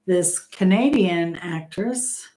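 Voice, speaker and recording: A middle-aged woman hosts a casual live-stream trivia game in a warm, lowish voice, speaking slowly over a low-quality recording. Chatty and quick to laugh, she reads questions aloud and greets viewers by name.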